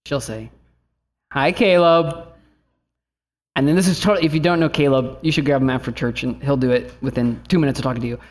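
A man's voice: mid-range voice, rapid-fire, few pauses, a little mellow. A man in his thirties, a pastor preaching an earnest sermon and telling a family story, rising at times to fervent appeals.

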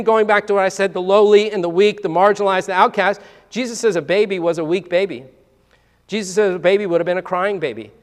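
A man in his thirties, a pastor preaching a sermon in a lively, conversational way with asides and rhetorical questions. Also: sits high. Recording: hall reverb.

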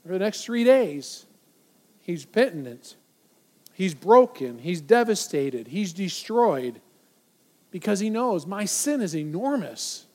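A man preaching a sermon, emphatic and repetitive, now and then acting out voices from soft to loud. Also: high voice, sing-song, slow pace. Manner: emphatic, repeats phrases for weight; acts out quoted voices, from loud to near silent. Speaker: pastor.

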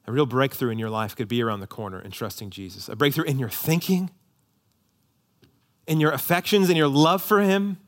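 A pastor with a mid-range voice preaches to his congregation a little fast, emphatically repeating key lines in a steady rhythm. He also tosses in light, joking asides.

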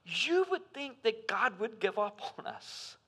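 A man preaching a sermon as pastor, swinging between loud emphasis and hushed asides. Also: high voice, sing-song, a little slow, breathy edge.

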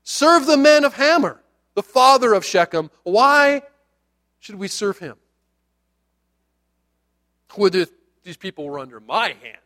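A man's voice: high voice, very animated, measured pace, long pauses, heavily acted. A man voicing a boastful, drunken man who talks big about taking down a ruler. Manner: loud, brash bragging.

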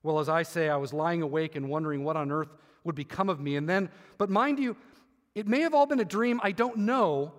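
A man reading the part of a troubled boy who was once a dragon, in a quiet confiding way. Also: a little high, brisk, voice pushed down, close to an everyday voice. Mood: earnest. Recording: hall reverb.

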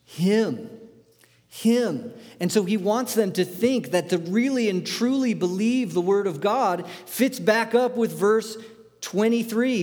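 Animated preacher man in a reverberant hall. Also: high-pitched, measured pace. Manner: asks the audience many questions, animated and emphatic. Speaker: pastor. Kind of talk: sermon.

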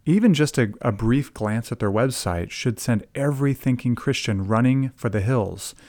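A man's voice: medium pitch, a little mellow, no echo. Emphatic man hosting a podcast. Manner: emphatic, deliberate, slows down on key phrases. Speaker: podcast host. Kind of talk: scripted commentary podcast.

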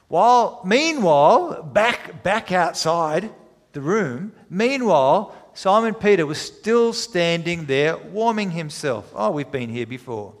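A man preaching a sermon, retelling scripture dramatically with emphatic pauses. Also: on the high side. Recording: long hall reverb.

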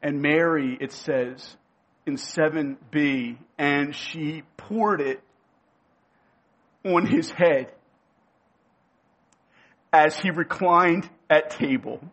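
Male preacher, emphatic sermon delivery, slightly high voice, repeats lines for weight. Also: a bit bright, highs cut off. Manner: emphatic, repeats key phrases, slows down for weight.

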